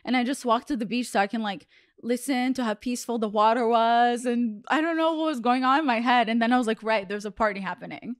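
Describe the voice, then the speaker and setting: Brief: young woman podcast host, high-ish smooth voice, dry close sound, rambling casual storyteller. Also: fairly even intonation, a little fast, no room sound. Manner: rambling storytelling, heavy "like" fillers. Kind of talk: casual chat.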